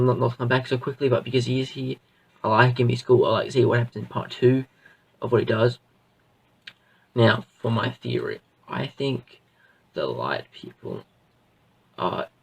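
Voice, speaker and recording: A man's voice: medium pitch, creaky, slightly rough, recorded from a distance, rough recording. A man reviewing a show in a casual, rambling way, full of fillers and restarts. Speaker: video reviewer.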